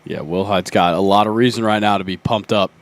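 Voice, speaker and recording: Easygoing low-voiced baseball color man. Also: a little fast. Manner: relaxed, easygoing, chuckles often. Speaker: color commentator. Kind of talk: casual sports commentary.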